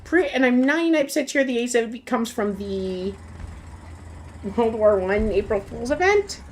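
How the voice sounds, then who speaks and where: A woman streaming a game, chatting casually, giggling and getting excitable. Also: a little high, moderate pace, slight background noise. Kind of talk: casual gaming commentary.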